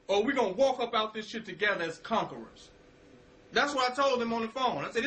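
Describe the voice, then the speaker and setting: A man giving a motivational spiritual talk in casual slang. He quotes himself, repeats phrases and swings between loud and hushed lines. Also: high-pitched, lively intonation, fairly quick, rough recording. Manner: casual street slang, curses.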